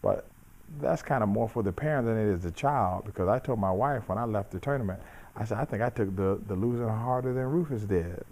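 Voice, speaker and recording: A middle-aged man with a fairly low voice speaks in a measured, preacherly way. He builds his points through repetition and steady emphasis, like a coach passing a lesson on to his listeners. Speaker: judo coach and host. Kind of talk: reflective motivational talk.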